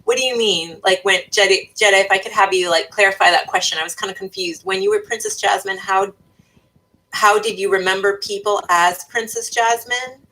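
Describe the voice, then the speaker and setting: A woman's voice: medium pitch, expressive, brisk, creaky, bright, forceful tone, poor audio. A young woman livestreaming, reading viewers' comments aloud and thinking aloud in casual chat, with many fillers and restarts. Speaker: YouTuber reading live chat. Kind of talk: casual live-stream chat.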